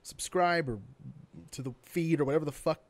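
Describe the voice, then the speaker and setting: A man's voice: on the high side, moderate pace. A young man co-hosting a casual gaming podcast, blunt and sarcastic, swearing freely. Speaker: podcast co-host. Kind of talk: casual gaming news chat.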